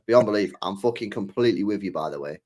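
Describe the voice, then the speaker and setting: A man's voice: lowish voice, quick pace, crowd noise. A man hosting a live football stream, swearing freely and acting out imagined conversations. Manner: swears freely, animated, acts out imagined dialogue. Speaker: football channel host.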